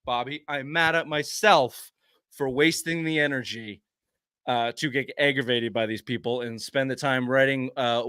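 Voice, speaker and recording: A man's voice: medium pitch, a bit bright, clean tone, no echo. Man, sports talk host, heated profane rant, dry close sound. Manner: profane, ranting, emphatic.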